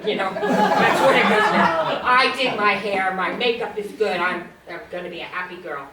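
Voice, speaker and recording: A woman in her sixties performs stand-up on a small comedy stage, telling stories, acting out dialogue, and laughing at her own jokes. Her medium-pitched voice moves at a moderate pace with hardly any pauses, picked up distantly in a roomy recording over a loud crowd.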